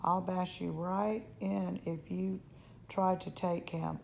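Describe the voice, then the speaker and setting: A woman's voice: fairly low pitch, flat delivery, slow, gravelly, darkish tone, slight background noise, heavily acted, rough recording. A woman voicing a possessive, boastful young boy in a storybook reading, with a whiny, bossy way of talking.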